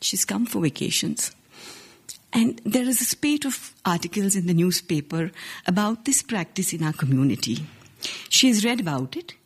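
A woman in her forties with an Indian accent tells a first-person story on stage. Her voice is husky and breathy, sitting at an ordinary middle pitch. She speaks in an earnest, measured way, now and then restarting a word. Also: lively intonation. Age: 40s. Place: stage before a live audience.

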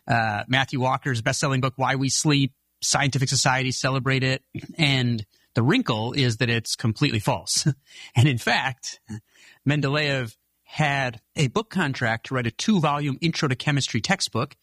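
A man's voice: medium pitch, fairly bright tone, dry recording. A man being interviewed as the author of a book, explaining ideas earnestly and now and then laughing. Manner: earnest, laughs occasionally, frequent restarts. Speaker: author guest.

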